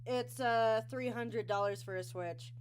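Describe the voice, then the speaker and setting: A woman's voice: fairly high pitch, unhurried, a little hiss or hum. A young woman hosting a casual online interview, rambling and sidetracked, with lots of ums and restarts. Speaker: interview show host.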